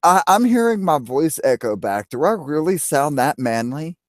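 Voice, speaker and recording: A man appearing as a guest on a live stream, chatting over a voice call in a slow, thoughtful, halting way. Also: a little high, big pitch swings, no echo, clean studio sound. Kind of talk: casual chat on a voice call.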